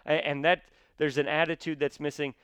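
A man, talking as a podcast guest in a casual, animated way with many fillers. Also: a little high, brisk, clear, resonant tone, no room sound. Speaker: guest, theater actor and sports commentator.

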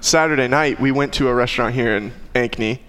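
A man's voice: mid-range voice, fast talker, a bit bright, clean tone, big-room sound. A man telling a story in casual chat, sounding more and more exasperated.

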